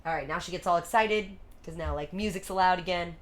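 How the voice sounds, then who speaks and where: A woman's voice: on the low side, a little fast, a little hiss or hum. A woman livestreaming, chatting casually and playfully with her viewers between songs. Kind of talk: casual stream chat. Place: home streaming setup. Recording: music playing under the voice.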